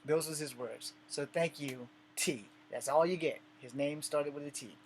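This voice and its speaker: A man from the United States vlogging, telling a personal story in a blunt, casual way with lots of swearing and animated retelling. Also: on the high side, normal speed, a little hiss or hum, low-quality recording. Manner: blunt and profane, with frequent swearing; animated retelling with acted dialogue.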